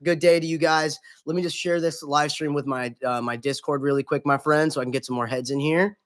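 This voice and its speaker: Dude streaming games live, fairly high voice, super friendly, swears a bit, chatty. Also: male voice, fairly even intonation, fairly quick, a bit bright, a little hiss or hum. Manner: chummy, upbeat, greets chatters by name, swears casually. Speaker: gaming streamer. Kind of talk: casual live-stream chat.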